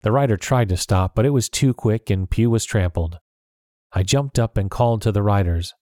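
A man reading a storybook chapter aloud at a steady pace, his voice low and mellow. He keeps an even, plain delivery. The sound is dry and close to the microphone. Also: moderate pace, no room sound. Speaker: audiobook narrator. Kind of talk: storybook narration.

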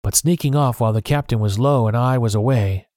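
A man voicing a brisk, stern male doctor in a storybook reading, raising his voice for the part. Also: mid-range voice, darkish tone, no room sound, studio quality, lightly acted. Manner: brisk, clipped.

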